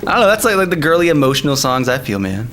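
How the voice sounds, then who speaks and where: A man streaming live, chatting casually and excitedly, laughing often and using lots of slang. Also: a little high, fast, a little hiss or hum. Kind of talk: casual live-stream chat over music. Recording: music playing faintly behind.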